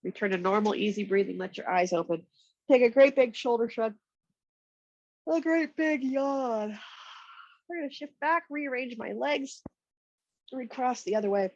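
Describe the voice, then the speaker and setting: A woman with a stuffy, congested voice, calmly giving slow step-by-step yoga and massage cues on a nearby mic. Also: fairly high pitch, dry recording, highs cut off. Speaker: yoga instructor. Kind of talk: guided yoga instruction. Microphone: external mic nearby.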